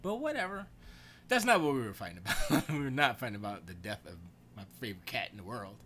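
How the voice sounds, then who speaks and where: A man hosting his own podcast, chatting casually and rambling in a slangy, animated storytelling way. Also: medium pitch, fast talker, breathy edge. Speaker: podcast host.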